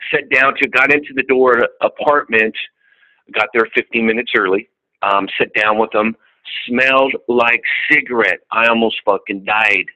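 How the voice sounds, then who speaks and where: A man's voice: medium pitch, normal speed, sharp tone, poor audio. A middle-aged man, an insurance salesman, telling a group about his sales calls in a candid, profane way and acting out both sides of each conversation. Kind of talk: casual storytelling to a group.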